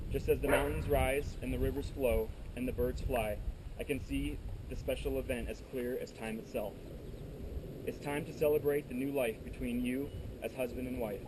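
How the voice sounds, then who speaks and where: A man with a mid-pitched voice reads a short message to wedding guests, plain and steady. Clear background noise underneath. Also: normal speed. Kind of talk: reading a message aloud at a wedding.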